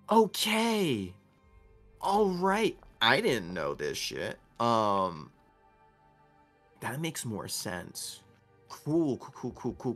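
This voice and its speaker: A man's voice: mid-range voice, a bit bright, heavily acted. A man voicing a sleepy, cranky woman warrior who is also a parasite from another world, swearing in exasperation.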